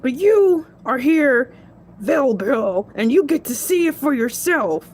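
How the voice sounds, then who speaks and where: Speaking high and sing-song, slowly and with a darkish tone, a woman gives a heavily acted turn as a cocky male shark. He's a stand-in show host who rambles, chats playfully and boasts, all in a comedic solo character show.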